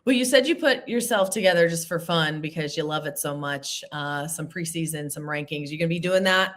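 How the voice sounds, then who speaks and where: A woman in her thirties hosts a relaxed sports chat. Her voice sits a little low yet sounds bright and forward, and she talks in a playful, self-teasing way. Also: a little fast. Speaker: show host. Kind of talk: casual interview chat.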